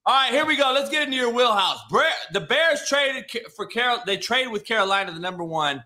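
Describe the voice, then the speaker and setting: A man's voice: very high-pitched, animated, brisk, bright, forceful tone. A man hosting a casual sports talk show, loose and profane, with lots of restarts. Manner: loose, profane, restarts a lot, says "dog". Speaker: podcast host.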